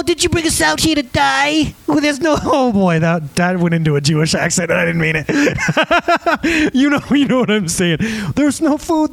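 A man's voice: on the high side, no echo, poor audio. A man in his thirties preaching a conversational sermon, laughing at his own asides.

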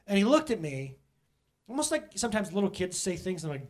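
A middle-aged male pastor telling a personal story in a sermon to his church, animated and self-mocking, often laughing. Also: high-pitched, fast.

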